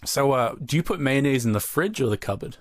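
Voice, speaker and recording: A man's voice: medium pitch, lively intonation, fairly quick, dry recording. A young man co-hosting a podcast, chatting casually in a rambling, jokey, profane way. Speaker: podcast co-host. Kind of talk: casual chat.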